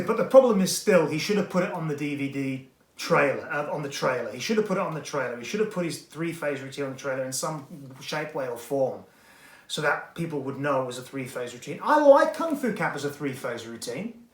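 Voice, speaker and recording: A man's voice: on the high side, lively intonation, brisk, a bit bright. A man hosting a weekly magic product review in a rambling, digressive, self-deprecating manner. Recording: echoey room.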